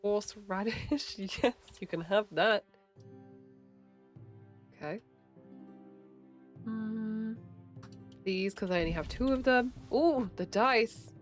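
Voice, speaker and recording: A woman's voice: mid-range voice, slow, pauses often, faint music behind. A woman chatting casually while streaming a game, giggly and swearing freely. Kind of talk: casual livestream chat while gaming.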